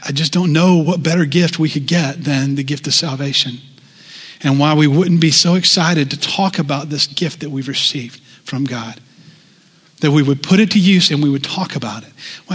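A man's voice: a little high, fairly bright tone, slightly rough, big-room sound. A male pastor preaching a sermon in a conversational way, often asking the congregation questions.

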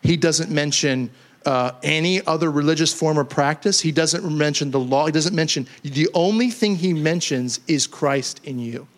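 A pastor delivers a lively sermon to his church. His voice sits fairly high for a man. He sinks into quiet, low stretches, then climbs back to raised, emphatic lines. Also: normal speed. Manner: animated preacher, swings from hushed lows to raised emphatic highs. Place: church hall.

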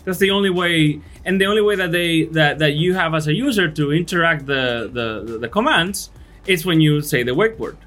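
A man's voice: fairly high pitch, normal speed, few pauses. A man with a thick Spanish-speaking accent, chatting casually on a podcast as a product designer, telling stories animatedly with many restarts. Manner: animated storyteller, acts out voices, frequent restarts.

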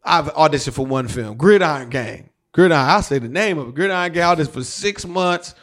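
Male actor guest, high-pitched, animated and slangy storyteller. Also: quick pace. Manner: animated, slangy, swears freely. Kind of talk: casual storytelling.

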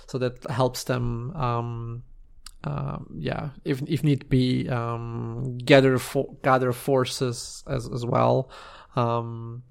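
A man narrating a tabletop game scene as game master, halting and searching for words with many restarts. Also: mid-range voice, little pitch movement, gravelly.

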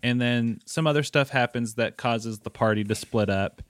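A man co-hosting a casual movie review podcast, rambling and animated, jumping into high-pitched mock reactions. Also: normal speed, clear, resonant tone, no room sound. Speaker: podcast co-host.

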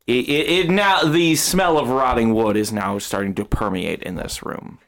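A man narrating as game master of a tabletop role-playing game, unhurried and hesitant, with frequent fillers. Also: medium pitch, a bit bright.

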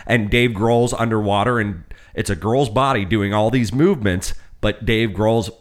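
A low-pitched young man talking loosely with his friends, stringing his story along with fillers and swearing. His voice sits on the deeper side as he rambles through the tale. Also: moderate pace. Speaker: podcast co-host. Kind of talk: casual chat.

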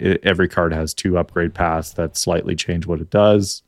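Deep-voiced Canadian man, rambling. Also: fairly even intonation, moderate pace, hardly any pauses, dry recording, clean studio sound. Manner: rambling, restarts a lot. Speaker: podcast co-host. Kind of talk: casual gaming chat.

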